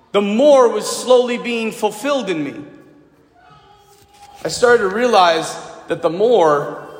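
A male priest with a high voice delivers a sermon, speaking personally to his congregation. The sound rings through a large, reverberant hall. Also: a bit bright. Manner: personal storytelling, asks the congregation questions directly. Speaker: Catholic priest. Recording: echoey hall with long reverb.

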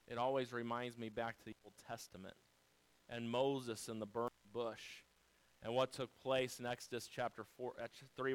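A man's voice: medium pitch, clear, resonant tone, low-quality recording. A man preaching a sermon as pastor. He speaks emphatically and asks the listeners rhetorical questions.

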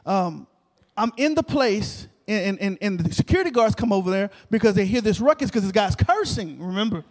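A male preacher telling a story in an animated sermon, repeating phrases and calling out to the congregation. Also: high-pitched, a little fast. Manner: animated, repetitive, talks to the crowd. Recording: long reverb of a large hall.

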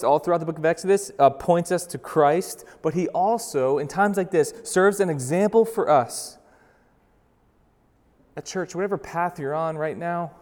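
Young male pastor, sermon; casual and dynamic, loud then soft, in an echoing sanctuary. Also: a little high. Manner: swings from loud urgent bursts to slow hushed emphasis; conversational, with fillers and restarts. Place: church sanctuary. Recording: long reverb of a large hall.

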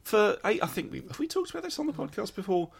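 Gravelly man, lively voice. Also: sits high, fast. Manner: playful, interjecting with jokes and mock ad voices. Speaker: podcast co-host. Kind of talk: casual comedy chat.

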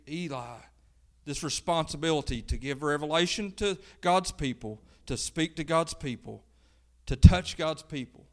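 Folksy Kentucky-twanged man preaching, high-pitched and animated, with church sermon style. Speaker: pastor.

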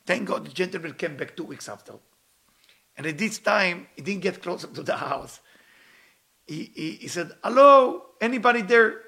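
Pushed, bright, and gravelly, this man's fairly high voice moves at normal speed but leaves long pauses. He's a spiritual teacher giving a sermon built on stories, speaking English with non-native grammar, earnest overall and at moments pleading with passion.

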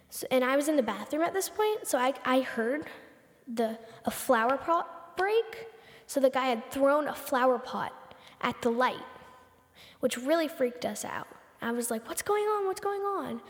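With a long reverb tail behind her fairly high voice, a teenage podcast host rushes through a casual retelling packed with "like" and repetitions.

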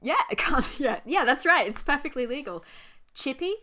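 An Australian woman co-hosts a podcast in loose, casual chat. Her voice is bright and forward, and she laughs easily, swears freely and quizzes her co-host. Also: high-pitched, expressive, normal speed.

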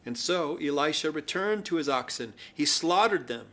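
A man preaches a sermon in a high, light voice. He tells the story plainly and warmly and adds wry asides as he goes. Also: lively intonation, normal speed.

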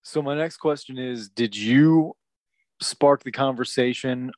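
A man's voice: mid-range voice, measured pace, a little mellow, no echo. A man co-hosting a casual podcast chat, asking probing questions and thinking aloud with restarts.

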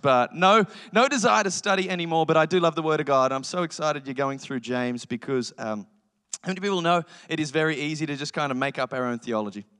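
A man in his thirties preaching a sermon as pastor, telling joking family stories with lively impressions. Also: fairly high pitch, fast, smooth, in a large hall. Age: 30s. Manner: energetic, joking storytelling with animated impressions.

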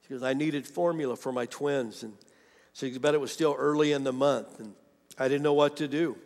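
Male pastor, mid-pitched and gravelly, animated storyteller preaching to a congregation. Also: a little fast, in a large hall. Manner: animated storytelling, quoting a woman's testimony, rising to fervent appeals. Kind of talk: sermon.

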